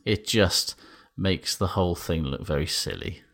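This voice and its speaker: A man with a low, deep voice co-hosts a casual podcast. He talks emphatically and with enthusiasm, swearing freely as he makes his points. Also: unhurried, a bit bright. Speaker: podcast co-host. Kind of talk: casual chat.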